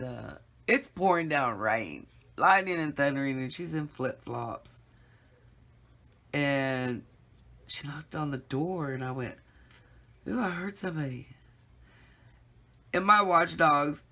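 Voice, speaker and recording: A woman's voice: very deep voice, slow pace, pushed and bright. A middle-aged woman casually telling a rambling story to her viewers, laughing often and calling them y'all. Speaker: craft vlogger.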